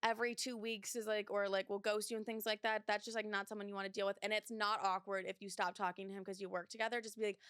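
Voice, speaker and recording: A young woman hosts a casual advice podcast in a smooth, clear voice. She talks bluntly and swears freely, with many filler words. The sound is close and dry. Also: mid-range voice, fairly even intonation, very fast, a bit bright, no echo. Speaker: podcast host.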